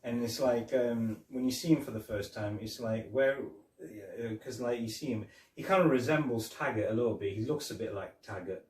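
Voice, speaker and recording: A man's voice: mid-range voice, moderate pace. A man co-hosting a podcast, chatting casually about a film and retelling scenes, rambling with many fillers. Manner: rambling, retells scenes with quoted lines and laughs. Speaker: podcast co-host. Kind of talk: casual film review chat. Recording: echoey room, distant mic.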